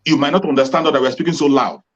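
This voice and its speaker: A man's voice: a little high, very fast. Nigerian host guy, earnest and preachy, muffled livestream sound. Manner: earnest, exhorting the audience. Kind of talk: hosting an online broadcast.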